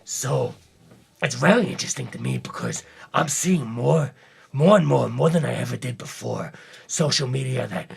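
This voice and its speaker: Male podcast co-host, laid-back chat, very gravelly and raspy. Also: medium pitch, very animated, moderate pace. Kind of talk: casual chat.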